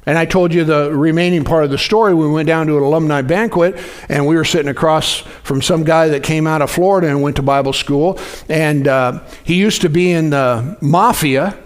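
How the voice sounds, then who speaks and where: A man's voice: on the high side, fairly quick, clean tone. A man in his sixties preaching a conversational sermon, often restarting phrases and asking the congregation questions. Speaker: pastor.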